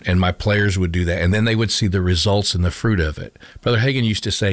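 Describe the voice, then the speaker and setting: A man's voice: low voice, fast, few pauses, no room sound. A middle-aged man, a former coach, telling a personal faith story in conversation, earnest, repeating and restarting his phrases. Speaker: interview guest, former coach.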